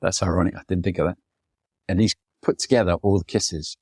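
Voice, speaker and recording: A man's voice: low voice, steady tone, brisk, darkish tone, slightly rough, dry recording, studio quality. A man, a photographer, talking as a podcast guest, telling long rambling personal stories and mimicking the people he quotes. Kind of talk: reflective storytelling in conversation.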